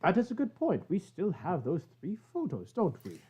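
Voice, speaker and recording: A man's voice: high-pitched, huge pitch swings, normal speed, warm tone, husky, lo-fi sound. A man co-hosting a casual livestream, teasing his host in a playful, mock-posh way. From lives in Canada. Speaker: co-host guest.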